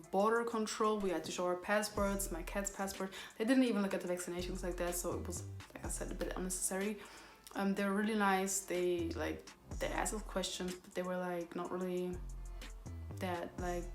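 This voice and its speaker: Young woman vlogging a storytime, says like constantly, kinda roomy echo and a faint beat in the back. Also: medium pitch. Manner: rambling retelling, filler-heavy with constant "like". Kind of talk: casual storytime.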